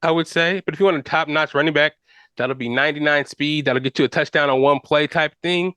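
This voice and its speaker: A man's voice: fairly high pitch, fairly quick, a bit bright, clear, resonant tone, dry recording. A man hosting a podcast, talking football casually in slang with fillers and restarts. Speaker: podcast host. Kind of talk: casual sports chat.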